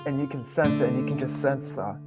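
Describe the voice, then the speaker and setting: An emotional male guest with a mid-range voice speaks earnestly about his feelings. Guitar music plays clearly under him throughout. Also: mid-range voice, fairly even intonation, a little fast. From immigrant. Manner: earnest, emotional, reads his own post aloud. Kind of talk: emotional interview talk.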